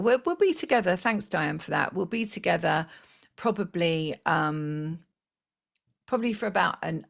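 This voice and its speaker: A woman with a low, deeply gravelly voice guides a meditation for a live online group. She speaks slowly and soothingly into a close microphone, with fillers here and there. She says she is losing her voice. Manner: soft, slow and soothing, with fillers. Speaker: spiritual healer leading a live online session.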